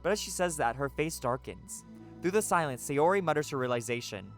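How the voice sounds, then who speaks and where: A game streamer reading a story's narration aloud during a live playthrough, excitable and profane, breaking off into laughter and running commentary. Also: medium pitch, a little fast, faint music behind.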